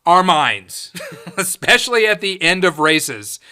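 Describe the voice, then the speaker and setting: A podcast host rants solo, heated, profane and emphatic. His voice sits high and sounds pushed and bright, very animated though delivered at a slow pace.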